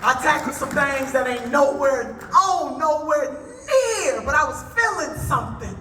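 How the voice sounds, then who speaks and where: A woman's voice: high voice, lively intonation, measured pace, background noise. A woman giving an impassioned conference speech with a preacher-like cadence, folksy and rousing as she talks straight to the crowd. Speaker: conference speaker. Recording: echoey hall from a distance, with crowd and music.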